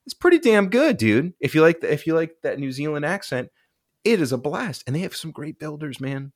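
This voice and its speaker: Speaking fairly quickly in a fairly high voice, this young guy co-hosts a laid-back film-review podcast where he rambles and keeps saying "like" and "dude." The audio is studio quality with no echo at all.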